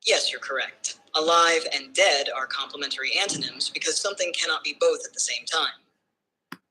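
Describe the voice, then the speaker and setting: A male-sounding synthetic voice assistant explains in a measured, even flow. Its tone is very bright, with a breathy edge, and sits a little high for a man. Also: rough recording. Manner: smooth, measured, evenly paced explaining. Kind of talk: explanatory answers.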